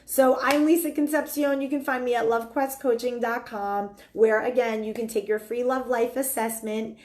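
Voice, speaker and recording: A woman's voice: a little high, steady tone, moderate pace, a little mellow. A middle-aged woman giving dating advice in a casual, earnest monologue, talking with lots of likes and ums. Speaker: dating coach.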